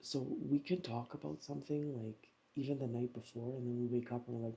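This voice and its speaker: A woman's voice: very deep voice, fairly even intonation, fairly quick, vocal fry, hardly any pauses, dark tone, slight background noise. A woman vlogger chatting casually at home, rambling through a story with lots of fillers. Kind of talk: casual vlog chat.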